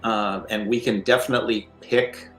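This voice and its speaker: A man talking through game design ideas on a live stream, measured and leaning on "you know" fillers. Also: on the low side, steady tone, a bit bright, echoey room, faint music behind, rough recording. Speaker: line developer and game designer.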